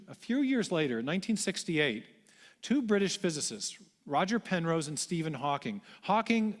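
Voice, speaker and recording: A man giving a public lecture to an audience, explaining ideas step by step in a storytelling way. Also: on the high side. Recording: reverberant hall.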